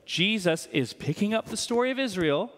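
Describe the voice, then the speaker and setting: A man preaching a sermon in church, animated and conversational, quizzing the congregation. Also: high-pitched, normal speed. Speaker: pastor. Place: church hall. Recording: long hall reverb.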